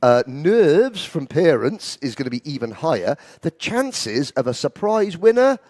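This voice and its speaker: A man doing live karting commentary from a studio, chatty and jokey, quick to laugh. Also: fairly high pitch, big pitch swings, darkish tone, no echo. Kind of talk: live race commentary and banter.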